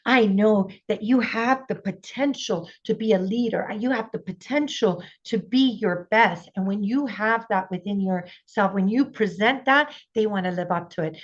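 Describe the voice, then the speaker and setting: A woman's voice: fairly high pitch, fairly bright tone, dull audio. A woman giving an earnest, encouraging parenting talk at a conference, often acting out the voices of the people she quotes. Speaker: parenting speaker.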